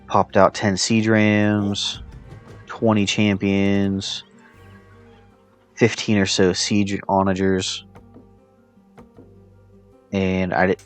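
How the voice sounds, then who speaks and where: Male player, deep voice, narrates his own match loosely with ums, faint music underneath. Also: smooth. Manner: relaxed, thinking aloud with fillers. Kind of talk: casual gameplay commentary.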